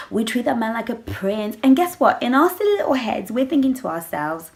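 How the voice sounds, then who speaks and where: A woman with a slightly high voice gives casual relationship advice to camera. She is animated and sassy, calling her viewers girl and slipping into playful character voices to act out her examples. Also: moderate pace, hardly any pauses. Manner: animated, acts out little scenes with playful voices; sassy, addresses listeners as girl. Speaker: vlogger giving relationship advice.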